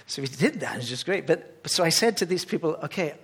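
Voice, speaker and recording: A man preaching a sermon in an animated way, often restarting phrases as he builds excitement. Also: a little high, fast talker, breathy edge.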